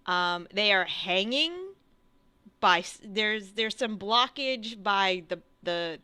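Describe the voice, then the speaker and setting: A woman narrating a tabletop game as game master, slow and hesitant with many fillers. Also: mid-range voice, sharp tone, clear, resonant tone, dry recording.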